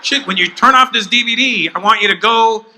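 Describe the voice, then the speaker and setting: A man's voice: sits high, a little fast, background noise. A man doing a stand-up comedy set on stage before a live audience, with blunt, punchy delivery and acted asides.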